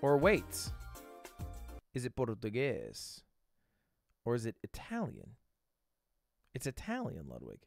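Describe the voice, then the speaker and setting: A man streaming live who thinks out loud through guessing games, swears freely and bursts into loud excitement, recorded close on a desk microphone. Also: medium pitch, a little slow, vocal fry, long pauses, dry recording, faint music behind. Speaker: streamer reacting to videos and playing guessing games.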